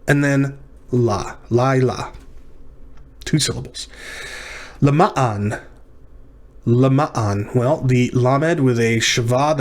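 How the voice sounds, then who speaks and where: A man teaching a lecture on syllabification, working through words methodically and correcting himself as he goes. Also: medium pitch. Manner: methodical, self-correcting explanations.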